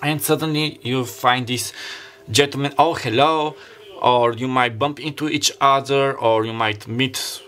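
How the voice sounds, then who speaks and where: A man's voice: medium pitch, fairly even intonation, measured pace, bright, forceful tone. A man giving a casual tarot reading, rambling and free-associating as he lays out the cards. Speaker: tarot reader.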